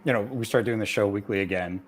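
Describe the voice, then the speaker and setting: An easygoing man talks casually in a meeting, halting often with fillers. His voice sits fairly low. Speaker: crew member.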